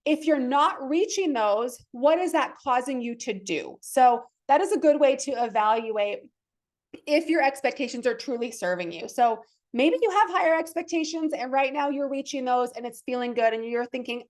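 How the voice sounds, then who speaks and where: A woman's voice: high-pitched, lively intonation, moderate pace, a little mellow. A woman in her thirties hosting a fitness podcast, talking casually and enthusiastically and acting out the thoughts people have in their heads. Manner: chatty, enthusiastic, acts out her own inner thoughts. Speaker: fitness coach and podcast host. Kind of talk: casual motivational podcast talk.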